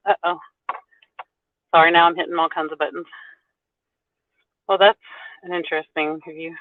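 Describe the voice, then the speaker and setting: A woman's voice: lowish voice, steady tone. Chatty woman on a tinny phone line. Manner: chatty, teasing, quick to laugh. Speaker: co-streamer. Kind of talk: casual live-stream chat. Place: parked car at a lake boat ramp.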